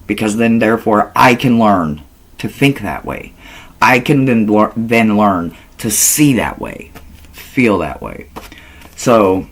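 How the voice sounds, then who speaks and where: A man talks in a relaxed vlog, taking his time over every phrase with an unhurried pace. He laughs often and swears without a second thought, animated and playful. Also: fairly low pitch. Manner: slow, drawn-out delivery. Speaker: tarot reader. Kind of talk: casual vlog chat.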